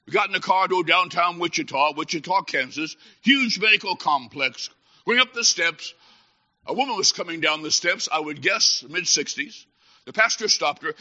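A man preaching a sermon, telling a story dramatically and swinging from hushed tones to shouting. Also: fairly high pitch, moderate pace. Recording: dull lo-fi recording.

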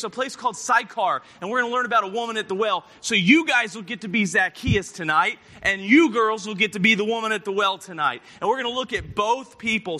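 A man preaching a lively children's sermon at a camp, reading scripture aloud and retelling the stories. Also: sits high. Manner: lively storytelling to kids, reads scripture aloud.

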